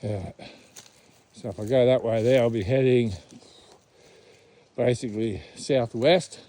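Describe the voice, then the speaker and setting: A man's voice: mid-range voice, steady tone, measured pace, low-quality recording. An older man with an Australian accent, chatting casually as he walks through the bush, a little out of breath after a steep climb. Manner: chatty, laid-back, hushed when near wildlife. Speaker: vlogger on a bush walk. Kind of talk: casual walking commentary. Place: outdoors in the bush.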